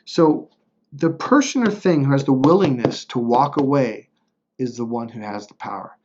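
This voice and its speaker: A man's voice: mid-range voice, expressive, normal speed, highs cut off, noisy background. A man telling a personal story in a casual, rambling way, blunt and profane, checking in with "right?" as he goes. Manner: blunt and profane, swearing freely; rambling, with restarts and frequent "right?". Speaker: motivational speaker.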